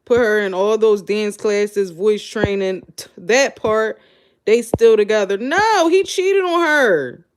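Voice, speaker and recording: A woman hosting a show, giving blunt, animated, incredulous reaction commentary straight to her audience. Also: medium pitch, slow pace, noisy background. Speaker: show host. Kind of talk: casual live reaction commentary.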